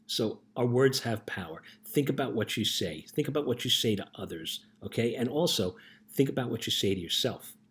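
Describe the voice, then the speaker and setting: A man's voice: mid-range voice, lively intonation, normal speed, slight background noise. A middle-aged man, a youth life coach, telling a story in an earnest casual motivational talk and often checking in with "right?".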